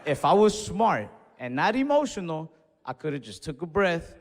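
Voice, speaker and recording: A man's voice: fairly high pitch, very animated, moderate pace. A young man doing stand-up and telling a long story in a laid-back, profane way. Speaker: stand-up comedian. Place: comedy club stage. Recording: long reverb and faint noise, club stage.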